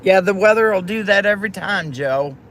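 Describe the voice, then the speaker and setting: A woman's voice: mid-range voice, expressive, a little fast, a bit bright, a little hiss or hum. A woman hosting a livestream, chatting affectionately with viewers by name and pet names. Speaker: livestream host. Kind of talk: casual chat with viewers.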